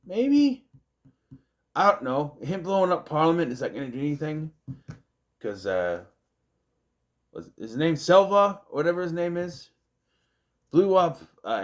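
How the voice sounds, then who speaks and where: A man, casually reviewing a movie in a rambling, chatty way, with self-deprecating asides. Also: medium pitch. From United States.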